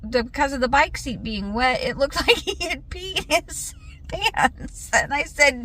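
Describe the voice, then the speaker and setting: A woman with a high, slightly slow and somewhat bright voice chats casually in a vlog, recorded with no echo. She tells stories in a talkative way, laughs often, and acts out what people said.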